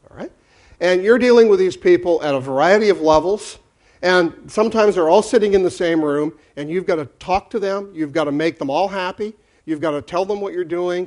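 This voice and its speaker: A man's voice: sits high, a little mellow. A man giving a conference talk on leadership, emphatic and full of rhetorical questions to the audience. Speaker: speaker.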